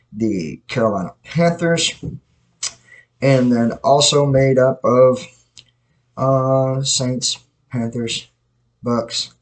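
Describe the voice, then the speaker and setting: A man's voice: mid-range voice, low-quality recording. Man, podcast host, casual sports chat, blunt, opinionated, rambling, self-correcting. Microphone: self-produced podcast mic.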